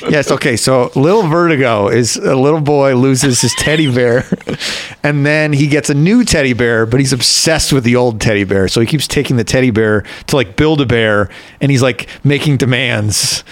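A man's voice: medium pitch, normal speed. Jokey man chatting on a podcast. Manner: jokey, laughs often. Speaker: podcast co-host. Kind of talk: casual comedic chat.

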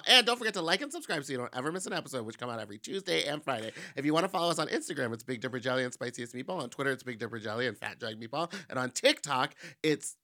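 Bright giggly podcast co-host, a man. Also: a little high, lively intonation, faint music behind. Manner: giggly, quick asides. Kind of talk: casual chat.

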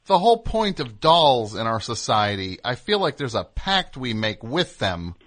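A man hosting a comedy radio show, bantering in a dry, deadpan way and correcting his guest. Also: mid-range voice, normal speed. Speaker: radio host.

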